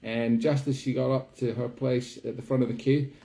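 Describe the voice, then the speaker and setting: A man doing a comic impression of a chatty older New Zealand mountaineer, with a put-on New Zealand accent and halting speech full of fillers. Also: mid-range voice, level tone, vocal fry, dark tone, natural voice. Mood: rambling. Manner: rambling, halting with many fillers. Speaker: guest host in character. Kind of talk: comic impression on a live stream.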